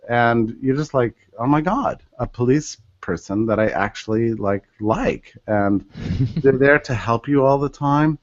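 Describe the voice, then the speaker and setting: A man's voice: mid-range voice, no room sound. Storytelling man, dry dull audio. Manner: animated, acts out quoted voices. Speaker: podcast guest. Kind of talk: storytelling in a podcast interview.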